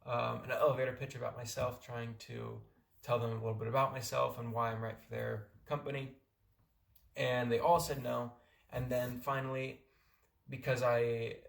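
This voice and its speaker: A man's voice: mid-range voice, gravelly, a bit bright, echoey room. A young American man from California giving casual, rambling advice in a vlog. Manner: rambling, many restarts and fillers. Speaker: vlogger.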